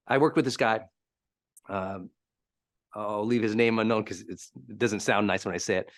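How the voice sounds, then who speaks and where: Animated man coaching with lively pitch. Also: normal speed. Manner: animated, emphatic storytelling. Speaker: high-performance coach. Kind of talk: live teaching talk.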